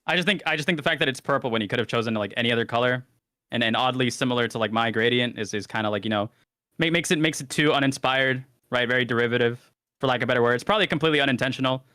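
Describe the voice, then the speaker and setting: A man argues over a voice call at a breakneck pace, rambling through his points. His voice is bright and smooth. It is recorded dry, close to the mic. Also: medium pitch, no room sound. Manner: rapid, argumentative, rambling. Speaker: debater, YouTuber. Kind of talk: casual online debate.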